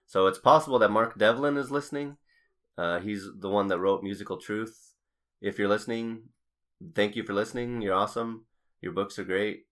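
Deep-voiced young male podcast host; rambling, halting, casual. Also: fairly bright tone. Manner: rambling, halting with many restarts and fillers.

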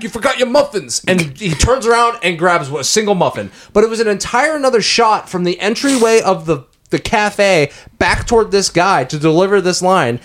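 A man's voice: sits high, fairly bright tone, slight background noise. A man hosting a casual podcast chat, ranting and swearing as he picks apart a movie. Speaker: podcast host.

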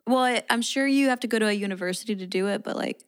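A woman's voice: medium pitch, very fast, clear, resonant tone. Playful young woman podcast co-host. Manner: playful, hypes up her co-host. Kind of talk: casual chat.

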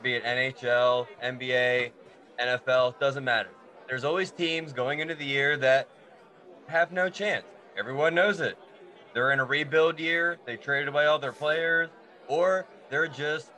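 A man's voice: mid-range voice, pushed and bright. A man on a casual podcast giving a conversational sports rant and posing questions. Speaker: sports segment regular.

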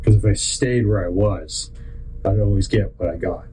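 Podcast host, man, mellow voice, rambling faith pep talk, animated storyteller. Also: fairly low pitch, slight background noise, low-quality recording. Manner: rambling, halting, self-interrupting.

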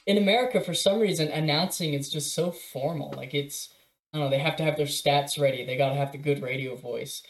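A young man co-hosting a casual podcast, relaxed, chuckling and restarting his sentences. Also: fairly high pitch, brisk. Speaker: podcast co-host. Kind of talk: casual chat. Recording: roomy echo.

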